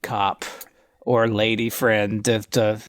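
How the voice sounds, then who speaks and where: A man's voice: on the low side, little pitch movement, slow, dry recording, studio quality. A man co-hosting a podcast, rambling in casual chat and laughing often. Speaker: podcast co-host.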